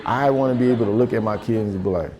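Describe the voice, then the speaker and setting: A man's voice: fairly low pitch, fast, dull audio, a crowd in the background, noisy background. A man doing stand-up storytelling in loose, profane, conversational slang. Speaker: stand-up comedian. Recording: live show with audience laughter.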